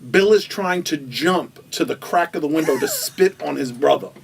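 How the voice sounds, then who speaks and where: A man's voice: on the high side, lively intonation, normal speed, gravelly, far from the mic, background noise. A man animatedly telling a wild anecdote as a guest, acting out the quoted voices and laughing as he goes. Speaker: storytelling guest.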